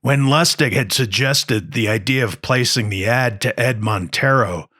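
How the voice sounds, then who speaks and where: A man's voice: medium pitch, fairly bright tone, no room sound. A man hosting a podcast, narrating scripted horror film history with dry, wry asides. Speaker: podcast host.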